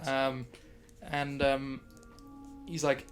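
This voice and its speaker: A man's voice: on the high side, a little slow, fairly bright tone, faint music behind. A man narrating as game master of a tabletop game, describing things in a rambling way full of fillers.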